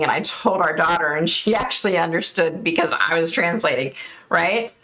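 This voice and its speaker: On her live stream, a middle-aged American psychic host reads viewer comments in casual chat, often laughing and naming viewers to thank them. Her voice sits on the low side, a bit bright, at normal speed, and she is overheated and sweating.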